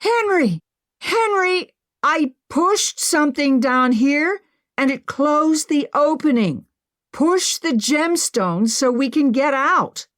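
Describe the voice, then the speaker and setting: A woman's voice: mid-range voice, very animated, measured pace, no echo, clean studio sound. A woman voicing an impulsive, upbeat young woman who brushes off worry, in an audiobook.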